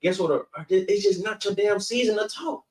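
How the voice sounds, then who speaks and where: A high-pitched man speaking at normal speed teaches a scripture class in street-style preaching, repeating "guess what" and "man" and swearing casually. He's recorded from far off in an echoey room.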